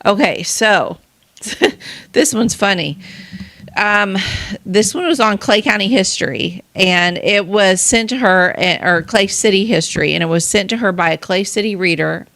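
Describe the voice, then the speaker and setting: A woman's voice: mid-range voice, moderate pace, gravelly, fairly bright tone. A woman from southern Illinois with an accent of that region, co-hosting a podcast and telling rambling stories full of restarts. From southern Illinois, USA. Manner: rambling storyteller with many restarts. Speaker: podcast co-host. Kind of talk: casual chat.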